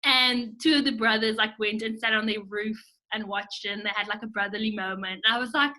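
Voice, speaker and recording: A young woman co-hosting a podcast in casual chat, emphatic and opinionated. Her voice is high and piercingly bright, and she leans hard on "like" as she talks. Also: steady tone, a little fast, hardly any pauses. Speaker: podcast co-host.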